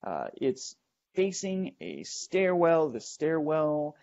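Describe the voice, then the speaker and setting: A man hosting a show, telling a first-person ghost story in a halting way, with many fillers and restarts as he builds suspense, in a dull lo-fi recording. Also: on the high side, sing-song, creaky, darkish tone. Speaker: host.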